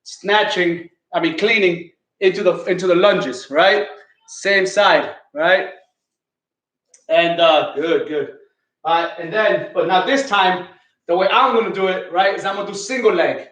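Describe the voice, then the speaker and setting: A man's voice: high voice, a little slow, fairly bright tone, roomy sound. Breathless male fitness coach counting reps. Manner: counts reps aloud, coaching cues, chatty. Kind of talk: live online workout class.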